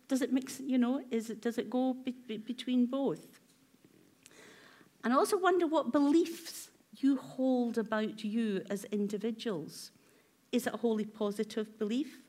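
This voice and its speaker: A woman's voice: a little high, warm tone. A woman therapist giving a workshop talk, asking her audience many reflective questions in a conversational way with filler ums.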